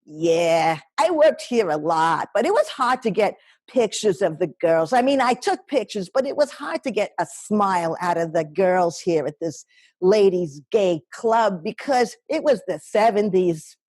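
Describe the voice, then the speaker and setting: A gossipy older New York lady, as a woman plays her in a solo stage piece. She chats straight to the audience, teasing and reminiscing at an easy, unhurried pace. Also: medium pitch, lively intonation, darkish tone, no room sound. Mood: nostalgic. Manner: gossipy, addresses the audience directly.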